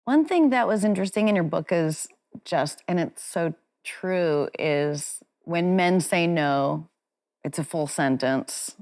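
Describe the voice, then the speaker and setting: Frank woman with a low-pitched voice. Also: lively intonation, slow, darkish tone. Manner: frank, self-deprecating, chatty. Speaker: interview guest. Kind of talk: candid conversational storytelling.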